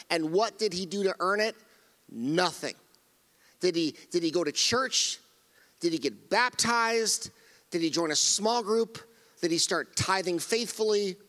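A man's voice: high voice, fairly bright tone, long reverb tail. A middle-aged male pastor preaching a sermon, earnest and emphatic, often repeating phrases and restarting his sentences. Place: church sanctuary.

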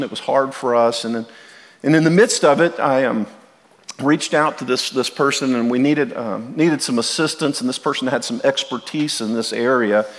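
A middle-aged man preaching a sermon as pastor, earnest and direct, often repeating and restarting his words as he speaks to the congregation. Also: mid-range voice. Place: church sanctuary. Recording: long hall reverb.

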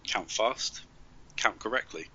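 A man co-hosting a podcast, chatting casually in a deadpan, mock-serious way. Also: fairly low pitch, takes it slowly, breathy edge. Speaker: podcast co-host. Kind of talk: casual chat. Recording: dull noisy remote mic.

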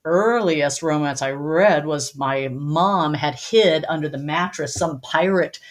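Lower-voiced woman, chatty and laughing. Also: slow pace. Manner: chatty, laughs often while telling stories. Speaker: romance author and guest. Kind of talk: casual podcast conversation.

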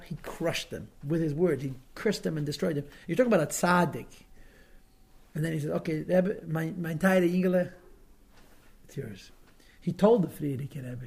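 A man's voice: on the high side, vocal fry, a little mellow, slightly rough. A man teaching through a story, dramatic and emotional, often repeating words and acting out quotes with feeling. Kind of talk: storytelling lesson.

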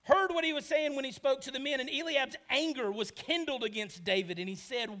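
A man preaches with a strikingly high voice. He swings between shouting and near whispers, acting out the characters he describes. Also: brisk, few pauses. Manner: animated, swings from shouting to hushed, acts out quotes. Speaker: pastor. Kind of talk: sermon.

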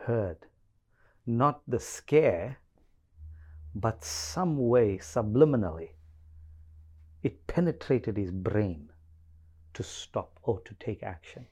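Slow, measured low-voiced man. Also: expressive, a little mellow, slightly rough. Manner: slow, measured, with hesitant fillers. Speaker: co-host. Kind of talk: casual Bible-study chat.

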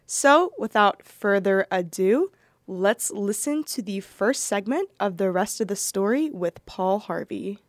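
A woman's voice: mid-range voice, lively intonation, measured pace, no echo. Casting: woman podcast host, chatty and informal, dry close-mic sound. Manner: conversational, with frequent ums. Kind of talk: casual podcast intro.

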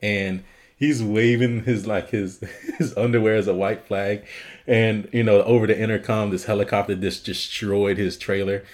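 A man's voice: on the low side, steady tone, normal speed, a little mellow. A man co-hosting a movie podcast in casual chat, laughing often and telling scenes with animation. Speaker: podcast co-host.

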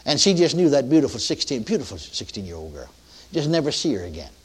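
A man's voice: medium pitch, big pitch swings, fast, slightly rough. An older man preaching a sermon, telling a story in a folksy way, with many restarts and emphatic peaks.

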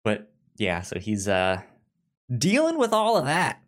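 Guy on a book podcast, stutters a lot, slow talker, voice jumps up and down. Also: medium pitch, wildly swooping pitch. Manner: stammers, repeating first sounds. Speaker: podcast co-host. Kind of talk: casual book discussion.

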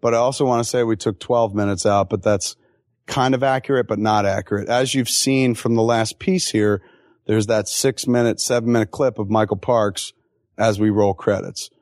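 Profane animated man telling a story. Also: fairly low pitch, no echo, studio quality. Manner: animated, profane, quick asides and acted-out quotes. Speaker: filmmaker answering audience questions. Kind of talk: live Q&A storytelling.

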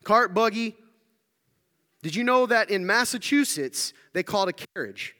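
A man's voice: high voice, lively intonation, normal speed, sharp tone. A man from the American South, giving an interactive sermon talk, playful and jokey as he quizzes the audience. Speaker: speaker addressing a congregation. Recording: long hall reverb.

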